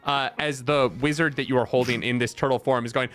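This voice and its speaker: Halting male game master narrating. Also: mid-range voice, fairly even intonation, a bit bright, smooth. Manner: halting, filler-heavy narration. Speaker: dungeon master.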